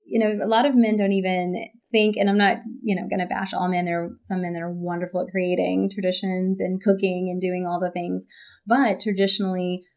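Woman co-host, low with vocal fry, animated anecdotal delivery. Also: a little fast. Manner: animated storyteller, acts out quotes, laughs often. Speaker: podcast co-host. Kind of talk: casual podcast chat.

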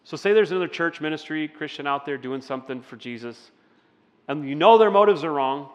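Pastor guy, kinda high voice, chatty sermon w/ questions to the crowd, big echoey hall. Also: animated, brisk, highs cut off. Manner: conversational, asks the audience questions. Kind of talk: interactive sermon.

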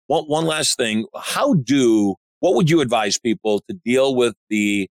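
A man hosts a podcast in casual conversation. He is blunt and opinionated, and his pitch sits at an ordinary middle level. His voice is recorded dry and close, with no room sound. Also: lively intonation, unhurried, no room sound. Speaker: podcast host. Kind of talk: casual interview chat.

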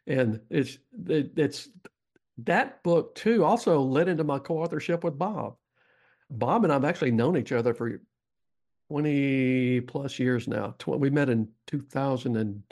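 Middle-aged Texan man, mid-pitched, folksy and rambling, podcast guest. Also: creaky, darkish tone. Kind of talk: storytelling interview.

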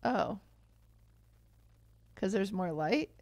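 A young woman co-hosting a podcast, telling stories in casual chat and acting out the people in them. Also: very slow. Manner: animated storyteller, acts out quotes in high voices. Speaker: podcast co-host.

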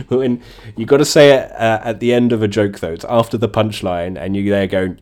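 A man's voice: medium pitch, expressive, slow pace, a little mellow. A man hosting a casual comedy chat, mocking lines and laughing often between them. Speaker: podcast host.

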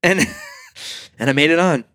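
A man with a slightly raised pitch tells a story in a loose, casual conversation. He acts out both sides of the exchange and laughs often as he goes. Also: wildly swooping pitch, slow pace, bright, forceful tone. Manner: laughs often while telling. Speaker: touring musician.

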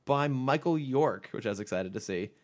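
Male podcast host, mid-pitched, loose rambling talker who restarts sentences a lot. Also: lively intonation, normal speed. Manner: rambling, thinks aloud with many restarts. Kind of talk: casual podcast chat.

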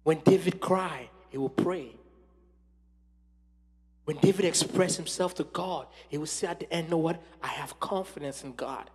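A man preaching a sermon with passion, swinging from loud exclamations to hushed tones. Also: on the high side, a little slow, husky. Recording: long hall reverb.

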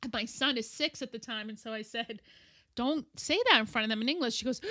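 A middle-aged woman telling a candid personal story as an interview guest, animated and acting out what others said. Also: on the high side, quick pace. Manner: animated, acts out quoted voices.

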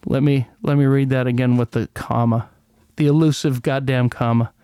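A man's voice: medium pitch, fairly even intonation, moderate pace, warm tone, clean tone, no echo, studio quality. A man hosting a casual solo podcast, rambling and sarcastic, who stumbles over words as he reads out an old news article. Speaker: podcast host.

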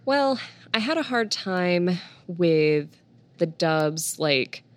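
A woman co-hosting a casual chat, animated and quick to laugh. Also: on the low side.

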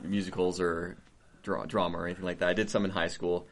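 A young man with a very low-pitched voice talks as a guest in a relaxed conversation. He thinks aloud, restarts his phrases, and speaks in an easygoing, earnest way. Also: fast talker. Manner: thoughtful, restarts phrases, laughs often. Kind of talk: casual conversation.

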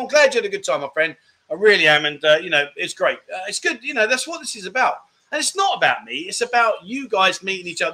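Chatty high-voiced man hosting a live stream. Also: pushed and bright. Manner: chatty and jokey, rambling with restarts, calls viewers mate. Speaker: live chat show host reading viewer comments. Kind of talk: casual live-stream chat.

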